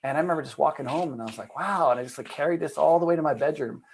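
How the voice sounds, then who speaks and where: A man, a guest on a video call, telling a personal story in a lively, casual way full of "like" and acted-out quotes. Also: on the high side, racing, vocal fry, a little hiss or hum, poor audio. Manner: animated storyteller, acts out quoted voices, many "like" fillers. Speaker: guest, trauma and addiction coach. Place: home room at a computer.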